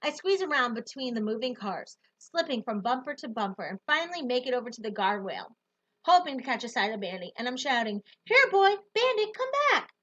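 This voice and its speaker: A woman reading a novel aloud in the first person, with expressive, lively storytelling. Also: fairly high pitch, fairly quick, highs cut off. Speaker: audiobook narrator.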